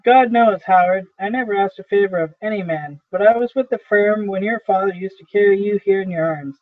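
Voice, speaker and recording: A worn-out old salesman pleading for his job, voiced in a fairly high register by a man reading the play aloud. He rambles earnestly through long stories. The sound is thin and tinny, like a phone line. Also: brisk, natural voice. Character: aging weary male traveling salesman, pleading.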